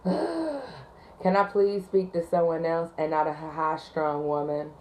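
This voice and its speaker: A woman's voice: deep voice, steady tone, normal speed, a little mellow, reverberant, slight background noise, lightly acted. A woman mimicking a rude, exasperated adult male caller who keeps sighing heavily and whining his complaints. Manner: heavy sighing, whiny complaining.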